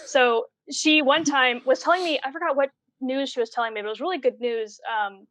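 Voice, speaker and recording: A woman telling stories on a podcast in a flat, dry way, with hesitant restarts. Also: high-pitched, fairly quick, no room sound. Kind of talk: casual chat.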